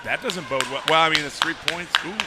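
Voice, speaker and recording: A man doing live color commentary at a swim meet, excitable and joking, often raising his voice. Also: a little high, fast. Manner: excitable, joking, raises voice over the crowd. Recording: loud crowd and pool noise.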